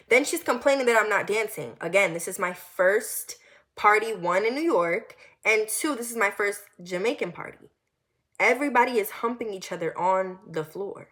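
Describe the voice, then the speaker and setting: A young woman telling a personal story in a vlog, animated and repetitive, with lots of swearing. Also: mid-range voice. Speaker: vlogger.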